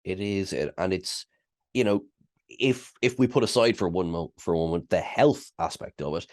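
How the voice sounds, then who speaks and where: Expressive low-voiced male interviewer. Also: normal speed, no echo, clean studio sound. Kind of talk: podcast interview.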